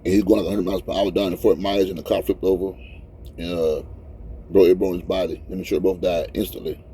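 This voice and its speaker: A man's voice: low-pitched, flat delivery, fast talker, mellow, slight background noise. A man in his fifties, crying as he talks in a rambling, heartfelt vlog from his truck cab. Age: 50s. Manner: rambling, heartfelt, repeats himself. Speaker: truck driver vlogger. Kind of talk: casual emotional vlog talk.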